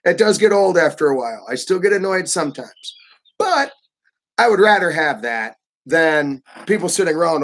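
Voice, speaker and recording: A man giving a casual livestream talk, animated and often acting out the pushy voices of others. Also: on the high side, normal speed, slight background noise. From United States. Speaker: vlogger.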